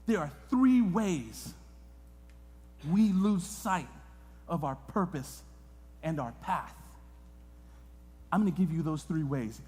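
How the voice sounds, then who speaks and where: A man preaches with passion in a fairly high voice, dropping to near-whispers and then rising loud. His words ring out with the long reverb of a church sanctuary. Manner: impassioned preaching, swinging from hushed to loud. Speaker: guest pastor. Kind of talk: sermon.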